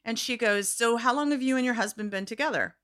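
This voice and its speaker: Woman guest storyteller, bright edge to the voice, lively and theatrical in conversation. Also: on the high side, fast. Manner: animated, acts out quoted voices, laughs often. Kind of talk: casual storytelling chat.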